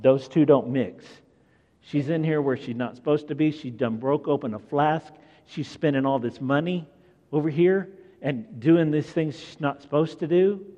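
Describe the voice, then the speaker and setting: Slow-preaching man in an echoey hall. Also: medium pitch, muffled recording. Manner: animated storytelling, acts out scenes. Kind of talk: sermon.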